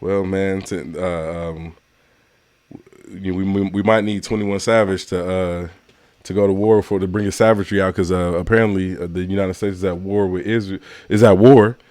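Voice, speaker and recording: A man with a lowish voice hosts a casual podcast chat. He gets animated and laughs through his stories. The sound is close and dry. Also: normal speed, no echo. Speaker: podcast co-host.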